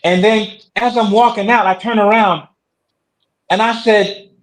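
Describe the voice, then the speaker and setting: Guest, man, high voice, animated storyteller. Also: measured pace, poor audio. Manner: lively storytelling with acted voices. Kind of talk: casual storytelling.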